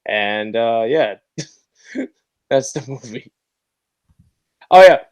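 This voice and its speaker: A man's voice: mid-range voice, lively intonation, extremely slow, clear, resonant tone. A man on a casual podcast, recapping a film in a rambling, hesitant way full of fillers.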